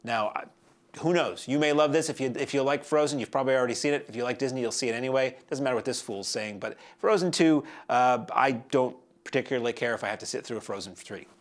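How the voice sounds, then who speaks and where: A man's voice: medium pitch, quick pace. A man in his forties hosting a film review show, talking casually and digressively with wry asides. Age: 40s. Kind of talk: casual spoken movie review.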